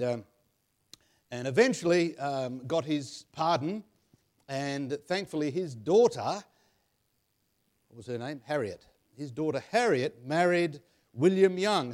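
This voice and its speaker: A man's voice: on the high side, darkish tone. An Australian man chatting casually about family history, rambling with many fillers and chuckling at his own jokes. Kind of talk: casual chat.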